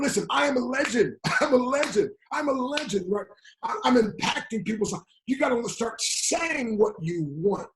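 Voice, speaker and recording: A man giving a fiery motivational talk in a preaching style, quoting scripture and repeating lines with emphasis. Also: high-pitched. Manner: emphatic, repetitive, quotes scripture, frequent "my friend". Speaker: motivational speaker.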